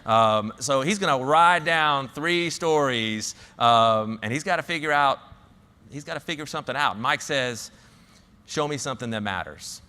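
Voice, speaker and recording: A man's voice: medium pitch, unhurried, pushed and bright, clean tone. Southern man giving a talk in a big hall. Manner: storytelling, restarts and fillers. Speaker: conference speaker. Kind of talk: conference talk.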